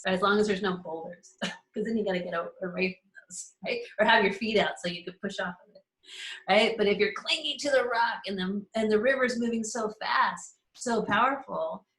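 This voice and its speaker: A woman's voice: medium pitch, moderate pace, a bit bright. A woman hosting a casual live astrology call, enthusiastic and laughing often as she speaks to members by name. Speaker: host of an astrology community call. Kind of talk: casual live teaching chat. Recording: roomy echo.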